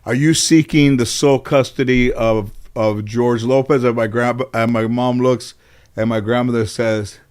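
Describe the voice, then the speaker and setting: A middle-aged man from the Los Angeles area, a talk show host telling comic stories about his childhood, animated and swearing freely. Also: medium pitch, moderate pace, smooth. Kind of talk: comic storytelling.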